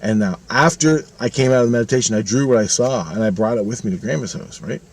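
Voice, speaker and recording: A man's voice: medium pitch, fast, darkish tone, slightly rough. A man in his fifties telling a personal story in a casual, rambling monologue, swearing freely and retelling it animatedly. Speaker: vlogger.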